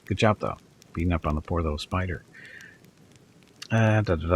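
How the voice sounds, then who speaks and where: A man hosting a let's play, reading the game's narration aloud in a steady way with small stumbles. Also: deep voice, moderate pace, pauses often, a little hiss or hum, poor audio.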